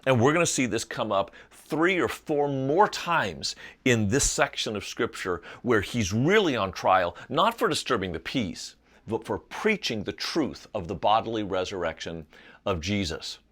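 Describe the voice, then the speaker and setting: A middle-aged man with a fairly low voice leads a Bible class on video. His pitch swings widely as he tells the story and explains it with animation. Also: animated, a little slow, a bit bright. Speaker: Bible college teacher. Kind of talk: video Bible lesson lecture.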